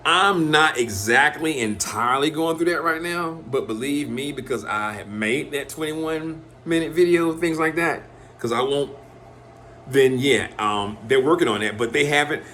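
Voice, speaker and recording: A man's voice: fairly high pitch, normal speed, sharp tone. A man, talking in a loose, profane monologue and acting out quoted lines in changed voices. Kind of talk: casual rambling monologue.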